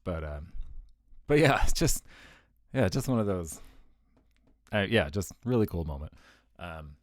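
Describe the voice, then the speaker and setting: Rambling low-voiced man telling a story. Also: lively intonation, a little slow, no room sound, clean studio sound. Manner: rambling, full of fillers and self-deprecating laughs. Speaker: vlogger. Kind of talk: casual storytelling monologue.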